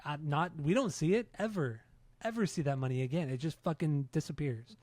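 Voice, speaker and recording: A man's voice: on the high side, brisk, a little mellow, no room sound. A man co-hosting a podcast, earnest and opinionated, with the odd curse word. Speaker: podcast co-host. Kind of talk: casual podcast chat.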